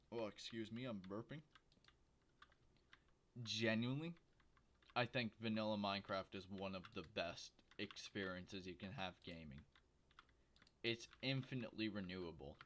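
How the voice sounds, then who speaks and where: A man with a fairly low voice streams a game from home, rambling and joking with his viewers. His quiet desk microphone picks up faint hiss and the clicks of his keyboard. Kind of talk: casual livestream commentary while gaming.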